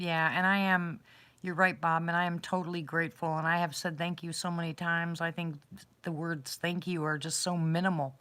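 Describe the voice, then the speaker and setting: A chatty woman hosting a relaxed talk show, her voice sitting a little low. She tells stories freely and laughs easily, speaking gratefully and with plain faith. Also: normal speed. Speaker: host. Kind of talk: casual chat.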